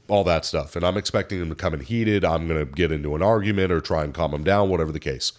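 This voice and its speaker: Man, low pitch, young adult, podcast co-host, animated storyteller, casual chat. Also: quick pace, few pauses. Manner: animated anecdote teller, acts out customer lines.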